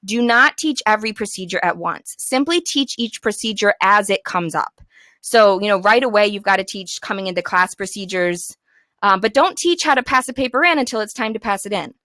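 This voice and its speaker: A bright-toned young woman coaches teachers in an upbeat, encouraging way, now and then slipping into the voice she uses with her class. The sound is close and dry, with no room around it. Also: mid-range voice, expressive, brisk, no room sound. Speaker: teacher trainer.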